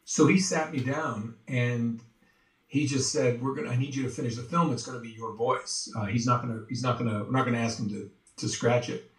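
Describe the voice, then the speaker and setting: A man being interviewed as a voice actor, telling stories in an animated way and slipping into quick impressions. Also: mid-range voice. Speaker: voice actor guest. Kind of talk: casual interview chat. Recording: roomy, distant from the mic.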